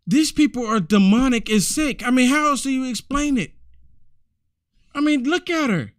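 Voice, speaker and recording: A man hosts a commentary video, his voice sitting high and sounding dry and close. He talks in a preachy, exclamatory way and keeps repeating his words for emphasis. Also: lively intonation, moderate pace, dry recording. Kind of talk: indignant commentary over clips.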